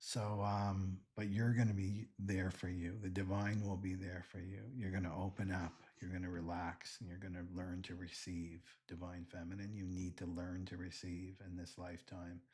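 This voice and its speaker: A man's voice: low voice, level tone, normal speed, few pauses, a little mellow, husky. A man astrologer giving a reassuring spiritual teaching monologue, often tagging his sentences with "right?". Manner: reassuring, keeps adding "right?".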